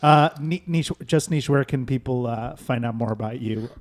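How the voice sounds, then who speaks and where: Joking male podcast host. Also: mid-range voice. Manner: joking, then wrapping up the show briskly. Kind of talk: casual podcast chat.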